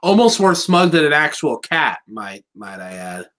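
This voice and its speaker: A co-host in a casual review chat, with a bright, sharp tone that swings up and down in pitch. The delivery is teasing and full of wry asides. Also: sing-song, moderate pace. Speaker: podcast co-host.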